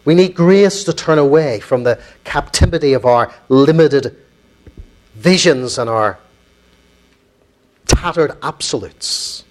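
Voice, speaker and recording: A man's voice: fairly high pitch, low-quality recording. Earnest Belfast man giving a lecture. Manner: earnest, measured, pauses on key words. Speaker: minister and guest lecturer. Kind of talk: public lecture with storytelling.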